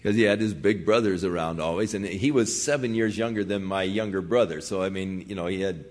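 A man's voice: sits low, a little fast. A man preaching a sermon, retelling a scripture story in a folksy, conversational way with frequent asides. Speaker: pastor.

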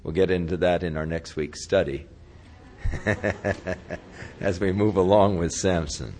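A man's voice: sits low, steady tone, takes it slowly, a little mellow, slight background noise. A male pastor telling a story in a casual, folksy sermon style during a weekly Bible study. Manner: casual, folksy retelling with chuckles.

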